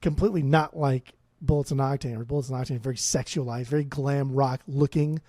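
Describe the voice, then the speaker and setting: A man's voice: mid-range voice, fairly even intonation, fairly quick, mellow, dry recording. A man in his thirties co-hosting a casual podcast, swearing freely and sometimes fumbling words. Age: 30s. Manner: profane, fumbles words, loose. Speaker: podcast co-host.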